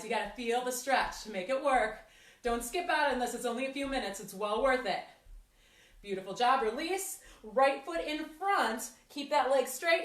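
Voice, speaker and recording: A high-pitched woman coaches a standing workout, upbeat and encouraging as she counts down each set, slightly winded. Her voice bounces around an echoey room. She sounds set back from the mic. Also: recorded from a distance. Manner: energetic, encouraging, counts down reps. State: a little out of breath. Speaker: fitness instructor.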